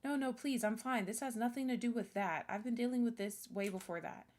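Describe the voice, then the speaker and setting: A woman's voice: fairly high pitch, brisk, darkish tone, close to an everyday voice. A woman voicing a bitter young singer girl. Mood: tense.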